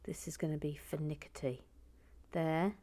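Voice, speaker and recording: A woman's voice: low voice, steady tone, moderate pace, dark tone. Chatty woman building LEGO. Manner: chatty, wry, talking to herself; reads viewer comments aloud. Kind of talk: casual narration while building.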